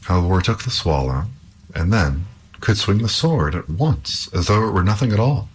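Deep-voiced man reading a fairy tale. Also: lively intonation, moderate pace, husky. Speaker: storyteller.

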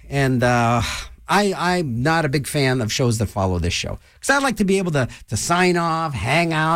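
A man's voice: on the high side, no room sound. A middle-aged man talking as a college radio DJ, rambling in a manic, jokey way with lots of fillers. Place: radio studio.

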